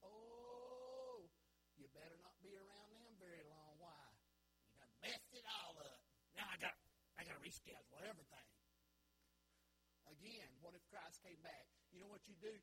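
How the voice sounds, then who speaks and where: A male pastor preaching a sermon, swinging from hushed, earnest lines to loud shouted ones and repeating phrases for emphasis. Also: high voice, slight background noise. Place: church sanctuary.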